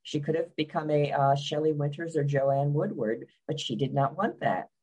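A woman's voice: low-pitched, moderate pace, warm tone, slightly rough, rough recording. A woman author being interviewed, speaking in a wry, opinionated and blunt way. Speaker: biographer guest. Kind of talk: conversational interview.

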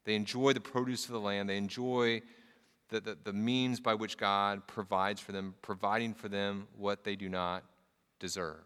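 Bright, clear-voiced man preaching in a hall. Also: fairly low pitch, little pitch movement, normal speed. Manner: earnest preaching, reads scripture aloud, casual asides. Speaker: pastor. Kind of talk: sermon.

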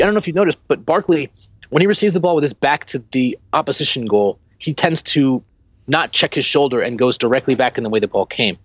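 A man co-hosting a casual football podcast, talking in an animated, rambling way with many restarts. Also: fairly high pitch. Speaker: podcast co-host.

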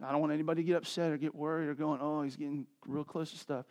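A male pastor, preaching. His voice sits high for a man. He talks to the congregation like a friend and climbs into fervent, pleading passages. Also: flat delivery, very fast, a little mellow. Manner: casual, conversational preaching that swells to impassioned pleading. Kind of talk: sermon.

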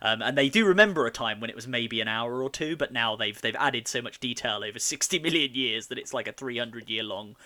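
A man's voice: mid-range voice, a little fast, hardly any pauses, bright, forceful tone. A man hosting a casual podcast chat, enthusiastic and rambling with fillers. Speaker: podcast host.

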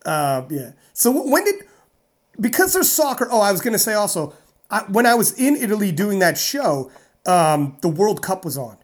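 A woman strongman athlete from North America, telling a story in a casual interview, animated and rambling with fillers. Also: mid-range voice, normal speed.

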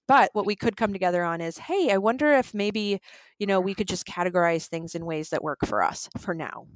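A woman in casual conversation, explaining relationship conflict at a medium pitch. She acts out the lines of everyday quarrels with lively changes in her voice. The recording is close and dry. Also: brisk, no echo. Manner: animated, acts out quoted lines.

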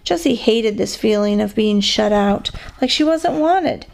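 A woman's voice: medium pitch, lively intonation, measured pace, vocal fry. A woman reading a children's chapter book aloud as a guest reader, lifting her voice for the characters' lines.

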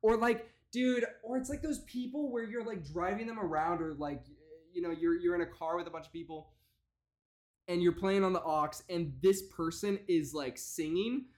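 A young man doing casual reaction commentary, profane and mocking with rapid-fire rants. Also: high-pitched.

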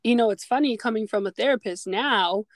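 A woman's voice: fairly high pitch, brisk, no room sound. A woman in her early twenties hosting a podcast, sharing personal memories in a reflective, conversational way with frequent fillers. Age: 20s. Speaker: podcast host.

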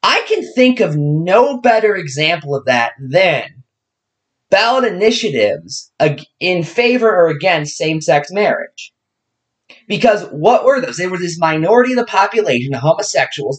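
A young adult commentator in a sarcastic, ranting monologue. The pitch swings widely from low mutters to sudden high jumps, and the delivery stays mocking throughout. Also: sing-song, normal speed, husky, poor audio. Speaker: political commentator.

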